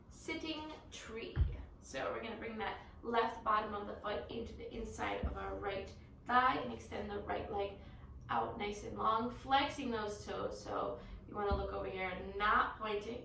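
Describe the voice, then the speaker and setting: Woman yoga teacher, gentle and encouraging, slightly high, gravelly edge, echoey room, mic set back. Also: distant mic, a little hiss or hum. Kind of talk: guided yoga class.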